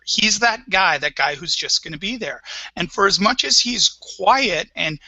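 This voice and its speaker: A man's voice: sits high, measured pace, no room sound, rough recording. A man on a TV discussion panel, talking enthusiastically about a series and often restarting his sentences. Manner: enthusiastic, animated, repeats words when starting. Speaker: podcast panelist.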